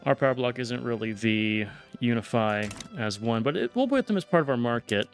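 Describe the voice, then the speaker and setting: Gravelly man musing over a strategy game. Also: medium pitch, expressive, moderate pace, soft background music. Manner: thinking aloud, trailing off, restarts. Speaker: gameplay streamer. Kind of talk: casual let's-play commentary.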